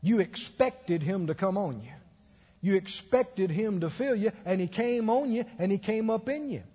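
A man's voice: high voice, lively intonation, normal speed, warm tone. A man preaching a sermon, telling stories with acted-out quotes and laughing along. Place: church. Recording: dull echoey church hall.

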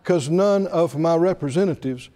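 A man's voice: fairly high pitch, moderate pace, warm tone. A man preaching a sermon, telling stories with animation, laughing at his own jokes and acting out the voices he quotes. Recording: reverberant hall.

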